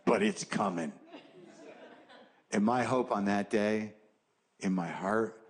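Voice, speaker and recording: A middle-aged man doing stand-up, sardonic and profane, dropping low and then bursting into mock shouting. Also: slow. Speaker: stand-up comedian. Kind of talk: stand-up storytelling. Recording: noisy live club recording with audience. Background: audience laughter.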